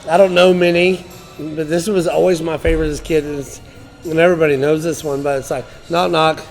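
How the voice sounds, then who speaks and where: A man's voice: fairly high pitch, level tone, fairly quick, a little mellow, faint music behind, low-quality recording. A man comedian chatting loosely and poking fun at himself in an interview. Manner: loose, self-mocking, chatty. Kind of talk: casual interview answers.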